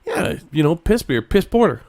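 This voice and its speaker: This podcast co-host has a fairly high, sing-song voice that's creaky and a little mellow. He rambles through casual, profane banter, swearing freely and laughing easily.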